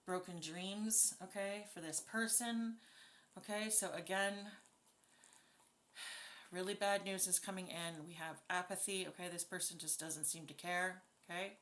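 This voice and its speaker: A woman talks through a tarot spread in a bright voice. She reads casually and bluntly, swears freely and sounds openly indignant. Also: fairly low pitch, steady tone, measured pace. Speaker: tarot reader. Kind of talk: casual spoken tarot reading.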